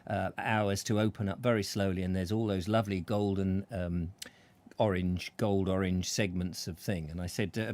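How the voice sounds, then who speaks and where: A man's voice: low-pitched, fairly even intonation, normal speed, darkish tone. A man hosting a casual chat show, rambling through anecdotes and chuckling as he tells them. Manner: rambling anecdotes with laughs, acts out voices. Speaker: host.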